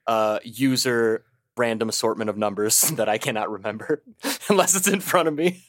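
Male podcast co-host, mid pitch, opinionated profane delivery, dry room. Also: normal speed, no room sound. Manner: emphatic, blunt, profane rants. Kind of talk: casual chat.

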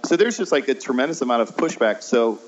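A man's voice: mid-range voice, sing-song, fast talker, background noise. A man, an improv teacher chatting as an interview guest, hesitant with many ums and laughing at himself. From American Midwest. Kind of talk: casual interview chat. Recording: dull lo-fi sound.

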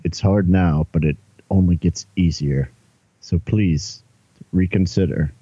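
Low, dark-voiced man playing a character. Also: a little slow, breathy edge, dry recording, lo-fi sound. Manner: earnest, persuasive, with some hesitation. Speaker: player. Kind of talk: in-character tabletop role-play.

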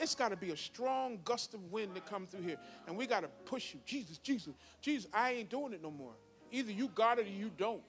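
Male pastor, 50s, high voice, sermon delivery with sudden loud peaks over faint music. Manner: preaching with sudden loud high bursts and quiet asides.

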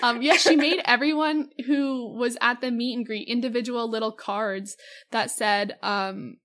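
A young woman with a slightly high voice co-hosts a casual podcast. She gushes enthusiastically and fills her talk with likes and ums. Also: fairly even intonation, measured pace, a bit bright. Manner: gushing, enthusiastic, lots of fillers. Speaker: podcast co-host. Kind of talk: casual chat.

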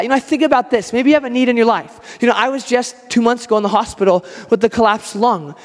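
A man's voice: very high voice, fast, hardly any pauses. A man preaching a sermon in a casual, conversational way, acting out quoted lines as he goes. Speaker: pastor. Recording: long hall reverb.

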